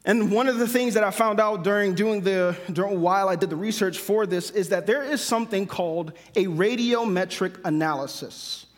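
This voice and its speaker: Guy preaching, pretty high voice, chatty and joking, long hall echo. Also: moderate pace, few pauses. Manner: conversational, self-correcting, with humorous asides. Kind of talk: sermon.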